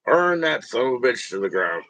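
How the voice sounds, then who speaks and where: A man's voice: medium pitch, sing-song, normal speed, sharp tone, dry recording. A man hosting a livestream in casual chat, rambling and profane, laughing often and talking straight to his viewers. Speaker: livestream host.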